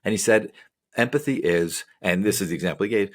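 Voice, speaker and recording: Low husky man explaining at a fast clip. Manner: rambling, filler-heavy explaining with tangents. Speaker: podcast co-host, psychologist. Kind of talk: casual podcast chat.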